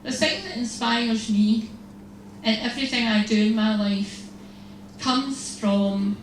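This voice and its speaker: A religious sister giving a humorous, storytelling talk to an audience, acting out little exchanges. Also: female voice, on the high side, slow. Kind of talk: lively faith talk to an audience. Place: large hall. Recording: echoey hall, distant mic, faint noise.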